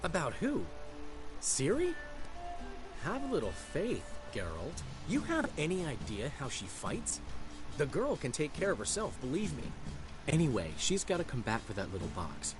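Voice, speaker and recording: Dandelion, a showy bard. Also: male voice, fairly high pitch, moderate pace. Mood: chatty, teasing. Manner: theatrical, lively storytelling. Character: flamboyant boastful male bard, cheerful and chatty. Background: game music.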